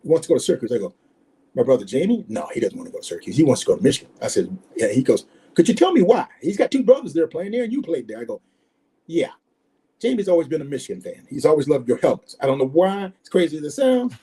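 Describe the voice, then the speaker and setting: A man in his sixties, a former football player, telling animated stories in an interview and acting out the people he quotes. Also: fairly high pitch, quick pace, slightly rough, poor audio. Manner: animated storyteller, acts out quoted voices. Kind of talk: storytelling interview.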